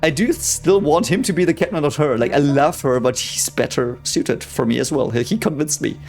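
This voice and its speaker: A young man reacting to a sci-fi series episode in casual commentary, excitable and swearing a lot. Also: on the high side, a little fast, creaky, faint music behind. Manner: excitable, swears a lot, talks over the show. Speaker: reaction video host.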